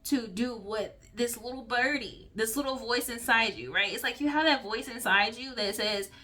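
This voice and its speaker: A woman's voice: a little high, moderate pace, bright, forceful tone. A woman in a casual spiritual reading, talking chattily and rambling, often tagging lines with "okay?" and "like". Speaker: intuitive reader. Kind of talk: casual channeled reading to camera.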